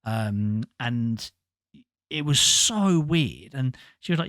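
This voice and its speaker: A man's voice: medium pitch, expressive, measured pace, fairly bright tone, no room sound. A man hosting a podcast, talking in an earnest, rambling way, often stumbling and restarting his sentences. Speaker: podcast host. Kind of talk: casual conversation.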